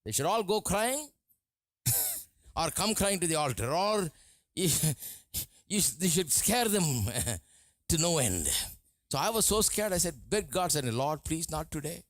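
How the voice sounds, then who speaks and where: A male preacher giving a sermon, animated and often laughing as he acts out what people say. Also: high voice, unhurried, long pauses, dry recording. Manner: animated, laughing, mimics voices in quotes.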